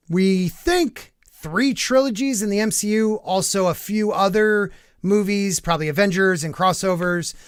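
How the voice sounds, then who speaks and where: Hosting a live podcast, a man whose voice sits high, with a fairly bright, clear and resonant tone, reads out entertainment news. He rambles through his reactions using many fillers, captured in a dry, clean studio recording.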